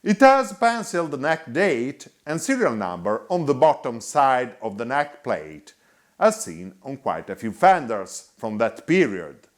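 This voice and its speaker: A man narrates a scripted guitar review voice-over in a measured, explanatory manner. He talks slowly and keeps his pitch moving up and down. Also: big pitch swings.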